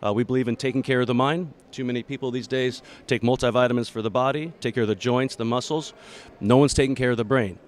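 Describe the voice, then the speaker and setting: Male founder, mid-pitched, earnest and halting, pitching a product. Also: steady tone. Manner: earnest, halting, with many restarts. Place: busy expo floor.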